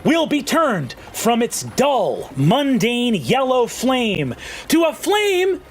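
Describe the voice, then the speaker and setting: Man playing a high, swooping young gnome street showman, hype-man barker patter. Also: wildly swooping pitch, slow, faint music behind, heavily acted. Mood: hyping. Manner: hyped carnival barker patter.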